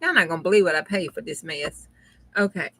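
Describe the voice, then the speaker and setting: Chatting casually with viewers during a crafting livestream, a middle-aged Southern US woman laughs often as she hosts her channel. Her low voice is expressive and slightly rough, with a sharp tone and a slightly fast delivery.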